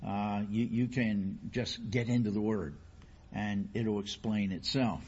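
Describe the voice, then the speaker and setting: A male preacher with a husky voice delivers a sermon through a long story. He restarts phrases often and asks the listeners question after question. The recording is slightly dull and muffled. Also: lowish voice, fairly even intonation, a little slow, darkish tone.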